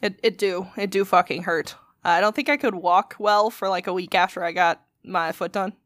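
A woman co-hosting a podcast, telling a story in casual chat, animated and laughing often, swearing freely. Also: medium pitch, moderate pace, dry recording, clean studio sound. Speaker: podcast co-host.

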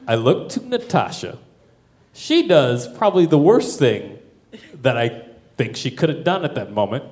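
A young man doing stand-up, telling a wild story with lots of profanity and animated delivery. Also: mid-range voice, normal speed. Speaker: stand-up comedian.

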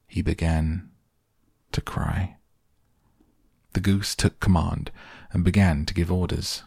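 Deep gravelly guy reading a bedtime audiobook, slow and soft, dry close sound. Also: steady tone, dry recording. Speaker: podcast reader. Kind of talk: calm audiobook narration for sleep.

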